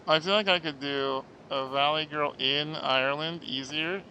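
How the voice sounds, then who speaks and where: A man streaming a game and chatting with viewers, joking and self-mocking, often clearing his throat. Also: a little high, moderate pace, bright, forceful tone, lo-fi sound, a little hiss or hum. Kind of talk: casual chat reading out stream chat.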